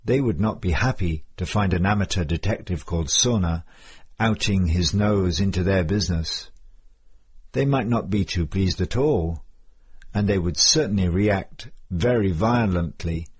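A man's voice: low-pitched, unhurried, husky. A man voicing a cautious male friend giving earnest warnings.

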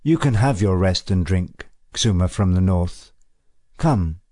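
A man's voice: sits low, expressive, slow, mellow, no echo, clean studio sound, heavily acted. A man voicing a tall, strong woman who is wary and teasing, with guarded, mocking questions, in a read-aloud story.

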